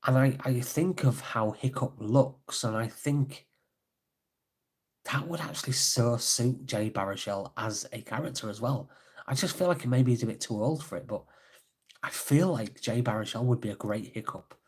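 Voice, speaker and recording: A man's voice: medium pitch, normal speed, husky. A man chatting casually on a live stream, rambling and easygoing as he reads out viewer comments. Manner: rambling, laughs easily, reads chat comments aloud. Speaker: livestreamer and author.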